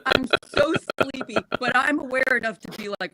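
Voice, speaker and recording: A woman in her thirties telling an embarrassing personal story in a casual chat, animated and laughing often. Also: sits high, a little fast, dry recording, rough recording. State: recovering from surgery. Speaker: podcast co-host.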